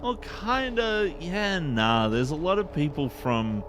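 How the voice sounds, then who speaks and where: A man's voice: medium pitch, expressive, unhurried, slight background noise. A man with an Eastern Australian accent, chatting casually on a game stream in a rambling, laid-back way and laughing often. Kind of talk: casual live-stream chat.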